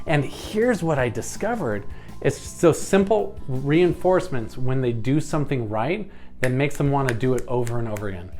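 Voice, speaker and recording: Young male relationship coach, mid-range voice, animated and direct, slips into playful quoted voices, soft music bed. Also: medium pitch. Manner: animated, acts out his own thoughts in quoted voices; earnest, addresses women viewers directly. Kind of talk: advice talk to camera.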